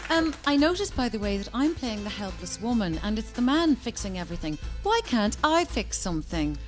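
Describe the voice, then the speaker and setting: A woman's voice: mid-range voice, sing-song, a little fast, over music, a crowd in the background. A woman with an Irish accent, an actress speaking drily in comic radio sketches and chat.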